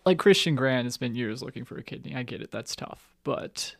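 A man's voice: medium pitch, expressive, fairly quick, creaky, slight background noise. A man co-hosting a podcast, chatting casually and joking about himself. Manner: joking, self-mocking banter.

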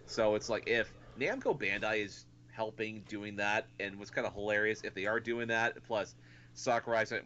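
A man's voice: lowish voice, moderate pace, fairly bright tone, dull audio, a little hiss or hum. A man co-hosting a casual podcast, rambling and swearing with lots of fillers. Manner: rambling, profane, many fillers. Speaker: podcast co-host.

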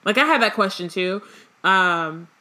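A woman's voice: mid-range voice, animated, unhurried, sharp tone. A young woman hosting a book podcast, reading aloud and chatting casually, with lots of fillers. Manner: casual, filler-heavy, laughing commentary. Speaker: podcast host and reader.

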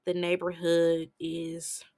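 Woman podcast host, low voice, slow unhurried delivery, chatty film recap, dry close sound. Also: dry recording. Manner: chatty, animated retelling with quick asides.

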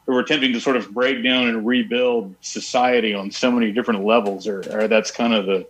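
A man's voice: mid-range voice, fairly even intonation, fairly quick, fairly bright tone, low-quality recording. A man in a band talking casually in an interview, rambling and swearing freely. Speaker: band member.

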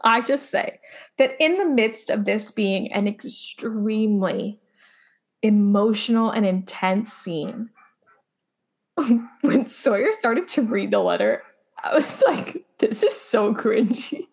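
A woman co-hosting a casual podcast recaps a TV episode, reacting emphatically and bluntly and swearing freely. Her mid-range voice has lively intonation and a slow pace.

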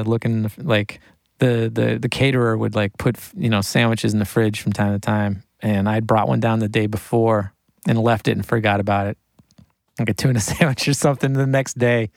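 A man, a guest talking about mixing records in a casual interview, rambling and animated and laughing often. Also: medium pitch, dry recording, studio quality. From United States.

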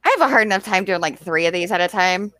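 A woman hosting a casual livestream, relaxed and laughing along with her co-host. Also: fairly low pitch, fast. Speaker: streamer host.

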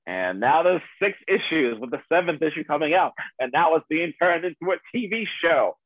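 A man's voice: on the high side, expressive, moderate pace, dry recording. A man telling a personal story in casual chat, laughing often, swearing freely and poking fun at himself. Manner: profane, laughing, self-deprecating. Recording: dry tinny phone-like sound.

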